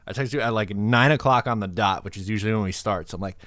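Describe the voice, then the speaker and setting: A man hosting a casual sports podcast, relaxed and conversational, laughing easily. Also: lowish voice, racing, few pauses, clear, resonant tone, no room sound, clean studio sound. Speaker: podcast host.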